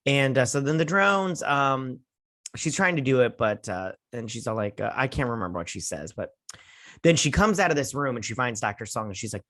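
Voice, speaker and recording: A young man hosting a casual episode review, recapping the plot sarcastically and mocking the characters' lines in quick put-on voices. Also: mid-range voice, animated, bright, forceful tone. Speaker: show host.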